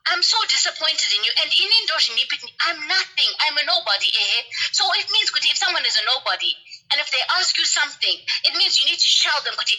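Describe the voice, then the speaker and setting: High-pitched indignant woman. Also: animated, quick pace, bright, forceful tone, rough recording. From Zimbabwe. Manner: indignant, switching between English and Shona. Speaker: caller. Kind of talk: heated call-in complaint.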